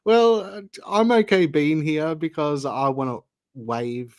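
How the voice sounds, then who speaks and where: A man's voice: a little high, slow pace, no echo, clean studio sound, voice pushed up. A man doing a voice of an eager Indian man living in Canada, speaking with an Indian accent.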